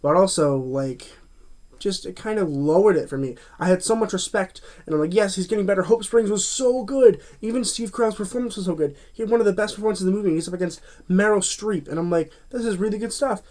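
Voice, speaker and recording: A man talks through a film review in a loose, chatty way, his voice sitting a little higher than most men's. He trips over his words, restarts sentences and leans on fillers as he goes. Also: fairly quick, darkish tone. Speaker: movie reviewer. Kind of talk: casual spoken review.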